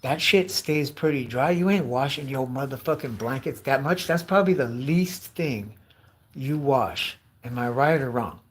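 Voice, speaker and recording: A man in his late forties ranting in a casual, profane, rambling way, often breaking into loud mimicked voices. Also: mid-range voice, normal speed. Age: 40s. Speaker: live streamer.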